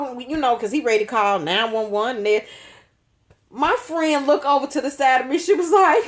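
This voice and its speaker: A woman spins a casual story for her channel. Her talk is lively and slangy, full of swearing. Her voice sits high and swings widely. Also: brisk. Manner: animated, profane, slangy. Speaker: nail artist, channel host.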